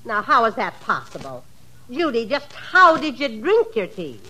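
A woman's voice: a little high, huge pitch swings, moderate pace, bright, forceful tone, full character voice, low-quality recording. A woman playing a poised, proper woman friend, polite and composed, in 1940s radio comedy style.

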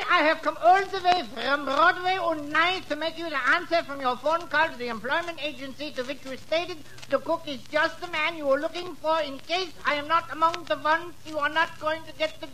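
A man's voice: extremely high pitch, moderate pace, bright, forceful tone, slight background noise, full character voice, poor audio. A man playing a fussy, pompous male cook with a German accent, rambling in 1940s radio comedy style. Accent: German-accented English.

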